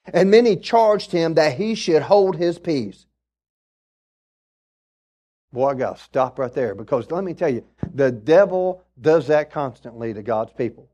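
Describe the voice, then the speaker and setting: A man with a high, bright voice preaches a lively sermon. He builds up to shouting exhortations, then drops into humorous stories told with asides to the congregation. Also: unhurried. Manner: preaching with rising shouts and call-outs; storytelling with asides. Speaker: pastor.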